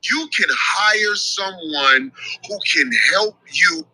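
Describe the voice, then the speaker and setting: Profane high-voiced man ranting. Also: takes it slowly, no room sound, low-quality recording. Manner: profane, blunt, animated. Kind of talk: heated podcast rant.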